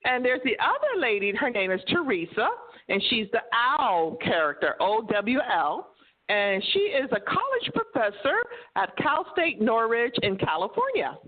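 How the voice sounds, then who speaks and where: Lively high-voiced woman on a tinny line. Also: normal speed. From United States. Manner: animated, laughs often, acts out quoted voices. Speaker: guest, co-host of a cooking show. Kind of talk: casual interview chat.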